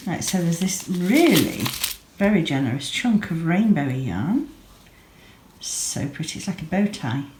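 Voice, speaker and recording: In her home craft room, a woman in her thirties who dyes yarn and vlogs talks casually, yawning and sleepy as she gushes over little pretty things. Her voice is fairly low, sing-song, and a little mellow, at a measured pace.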